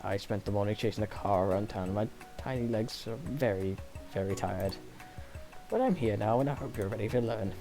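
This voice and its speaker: A man's voice: fairly low pitch, moderate pace, music in the background, lightly acted. A man voicing a small, tired male dog who teaches as a professor in a dating game, speaking in a fussy, polite lecturing way. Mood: weary, formal.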